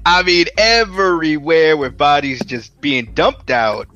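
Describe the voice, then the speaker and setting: A man co-hosting a casual movie podcast, animated, acting out scenes and laughing often. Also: a little high, slow, dull audio, a crowd in the background. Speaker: podcast co-host. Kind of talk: casual review chat.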